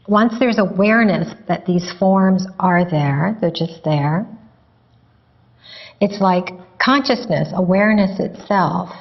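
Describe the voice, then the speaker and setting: A woman meditation teacher answering a student's question in a calm, unhurried, gently explaining way. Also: on the low side. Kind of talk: spiritual teaching dialogue. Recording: dull lo-fi recording.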